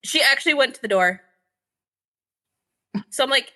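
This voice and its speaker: A woman guest on a podcast, with a bright, sharp voice that sits slightly high. She tells quick, lively anecdotes in casual chat and laughs often.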